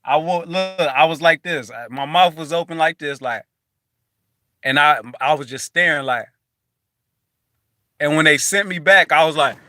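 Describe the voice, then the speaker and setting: A man's voice: a little high, unhurried, long pauses, dry recording. A man speaking casually to viewers in a rambling, profane monologue, full of restarts. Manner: rambling, profane, animated storytelling with frequent restarts. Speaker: spiritual vlogger.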